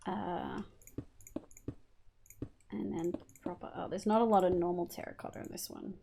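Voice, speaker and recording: A woman's voice: fairly low pitch, steady tone, normal speed, vocal fry, long pauses, warm tone, a little hiss or hum. A young Australian woman streaming a building game, chatting casually, swearing freely and humming little sound effects as she works. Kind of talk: casual livestream chat while gaming.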